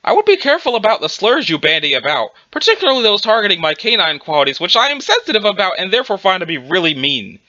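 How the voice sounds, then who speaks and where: A man's voice: sits high, sing-song, quick pace, few pauses, sharp tone, dry recording, dull audio, heavily acted. A man voicing a perky, dog-like young woman, earnest and mock-serious. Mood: mock-stern.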